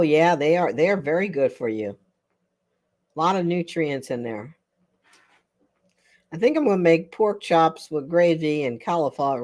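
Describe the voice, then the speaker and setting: A woman's voice: deep voice, a little mellow. An older woman hosting a casual livestream chat with viewers, chatty and rambling, often breaking into laughter. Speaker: livestream host.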